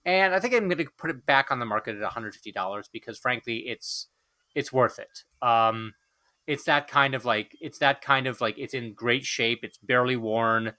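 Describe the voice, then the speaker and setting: A man's voice: mid-range voice, moderate pace, sharp tone. A man co-hosting a casual podcast chat, telling a rambling story full of fillers and restarts. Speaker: podcast co-host.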